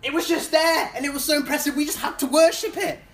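A preacher briefly voicing a flustered man who is making sheepish excuses, pitched well above the preacher's usual voice. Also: steady tone, quick pace, a bit bright, echoey room, a little hiss or hum.

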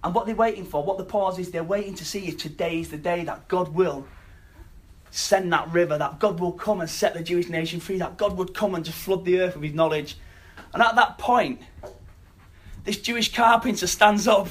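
A man preaching a sermon, telling a scripture story earnestly and dropping to quiet emphasis. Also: sits high, moderate pace.

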